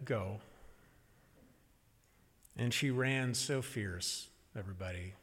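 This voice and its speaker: A middle-aged man telling a family story on stage, animated and pausing for effect. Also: medium pitch, in a large hall. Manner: animated, acts out quoted voices, pauses for effect.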